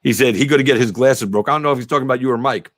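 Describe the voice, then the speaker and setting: A man's voice: medium pitch, very fast, no room sound. A man hosting a casual interview show, rambling with lots of fillers, swearing freely and laughing often. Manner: rambling, profane, laughs a lot. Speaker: podcast host.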